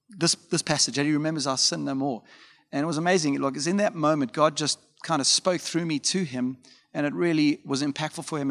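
A man's voice: on the high side, a bit bright. A man preaching a conversational sermon as a pastor, telling stories informally with frequent fillers and asides. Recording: long hall reverb.

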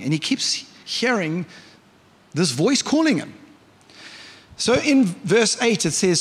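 A man's voice: high voice, animated, moderate pace, husky. A male pastor preaching a conversational sermon in church, often asking the congregation questions. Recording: reverberant church hall.

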